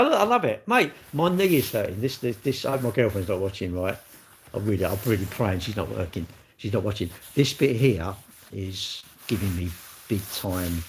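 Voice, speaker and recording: A man hosting a casual livestream, talking to his viewers with blunt, cheeky banter and crude swearing. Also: mid-range voice. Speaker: livestream host reading viewer chat. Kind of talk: casual live-stream chat.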